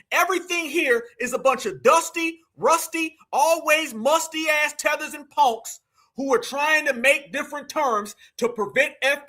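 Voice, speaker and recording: A very high-pitched American man hosts a live commentary show, ranting loudly and mockingly and frequently breaking into shouts.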